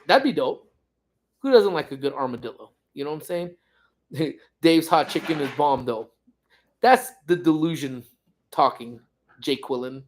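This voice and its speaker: A man's voice: on the high side, animated, moderate pace, pauses often, a little hiss or hum. A man hosting a casual livestream from home, reading viewer comments and rambling along with jokes and teasing. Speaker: livestream host.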